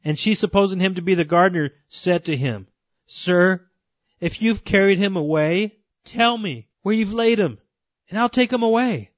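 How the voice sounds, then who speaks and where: High-voiced earnest male preacher. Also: normal speed, no room sound, muffled recording. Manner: earnest, addresses listeners as folks and friends. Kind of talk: sermon.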